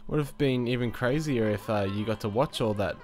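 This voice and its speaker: A man's voice: mid-range voice, brisk, soft background music. A man with a stuffed-up cold, casually commenting on his life-sim game with lots of fillers, restarts and chuckles. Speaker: gaming channel host. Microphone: new desk microphone.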